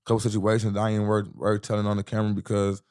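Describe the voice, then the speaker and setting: A man's voice: fairly low pitch, monotone, fast talker, a little mellow. A young man from the US Midwest, a rapper guest in an interview, telling a rambling, profane street story and often asking "you know what I'm saying".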